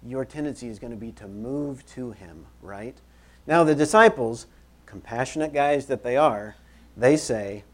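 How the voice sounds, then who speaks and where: A man preaching a sermon in church, conversational and animated, repeating phrases for emphasis as he moves about. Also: medium pitch. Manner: moves around while preaching. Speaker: pastor.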